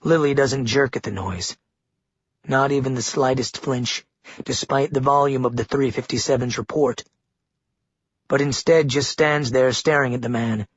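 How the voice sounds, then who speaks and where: A man narrates a grim audiobook in a steady, grave voice with a husky, breathy grain. His pitch sits in a middle range for a man. The recording is dry with no room sound and slightly dull, lacking crisp highs. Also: moderate pace, no room sound.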